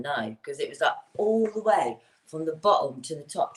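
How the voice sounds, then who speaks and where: A woman's voice: sits low, lively intonation, brisk. Blunt, laughing woman bricklayer. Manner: blunt, laughs often, tells anecdotes. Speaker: guest bricklayer. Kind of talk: casual chat.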